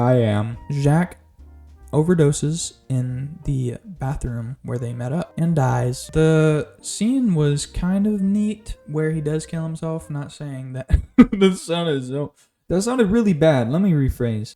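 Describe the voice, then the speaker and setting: A YouTube reviewer rambling sarcastically through a movie recap and acting out lines from the film. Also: mid-range voice. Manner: sarcastic, rambling, animated recap with acted quotes. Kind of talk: casual movie recap vlog. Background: faint background music.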